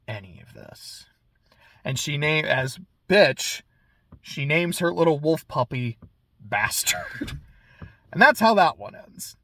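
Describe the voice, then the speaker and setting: A young man reacting to a book in casual chat, animated, swearing freely and laughing often. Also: sits high, dry recording.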